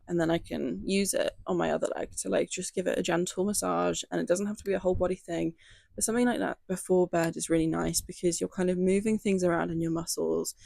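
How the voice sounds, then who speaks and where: Gentle chatty woman with a gravelly edge. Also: on the low side, no echo. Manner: chatty and gentle, many "like" and "um" fillers. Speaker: lifestyle video creator. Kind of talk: casual talk to camera.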